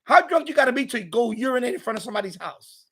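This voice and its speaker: A man hosting a casual live stream, telling a story in an animated, ranting way and chatting with viewers. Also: very high-pitched, quick pace.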